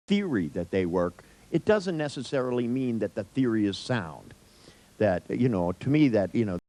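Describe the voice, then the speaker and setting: A man's voice: medium pitch, darkish tone, poor audio. An older man telling a rambling personal anecdote in a wry, profane way, with many restarts and asides.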